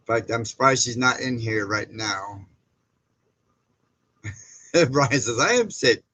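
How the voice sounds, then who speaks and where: A man's voice: medium pitch, slow, pushed and bright, low-quality recording. A man hosting a casual livestream, chatting with viewers, greeting them by name and reading their comments aloud in a rambling way. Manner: rambling with frequent fillers and restarts. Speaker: livestream host. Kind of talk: casual live-stream chat.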